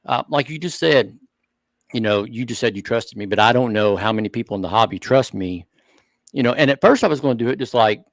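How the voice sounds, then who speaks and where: A man co-hosting a hobby talk show, speaking earnestly and thinking out loud in casual chat. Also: fairly low pitch, no echo. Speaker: show co-host.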